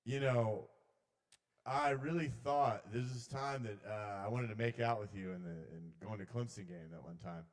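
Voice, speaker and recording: A man doing a rambling, swearing stand-up set at an open mic in a small bar. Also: moderate pace. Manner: rambling, swearing, shouts the intrusive voices loud and high. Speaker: comedian.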